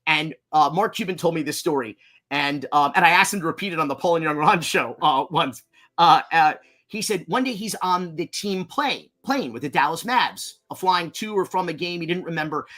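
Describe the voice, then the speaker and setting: A documentary filmmaker from Miami telling rambling, profane anecdotes as a podcast guest, full of fillers and restarts. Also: male voice, on the high side, expressive, a little fast, sharp tone. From Miami, Florida, US. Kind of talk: anecdotal storytelling in a podcast interview.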